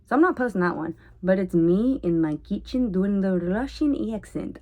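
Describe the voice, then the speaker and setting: A woman rambling in a casual vlog monologue at home, oversharing and jumping between topics with sudden loud bursts. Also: mid-range voice, animated, moderate pace, hardly any pauses. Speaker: vlogger.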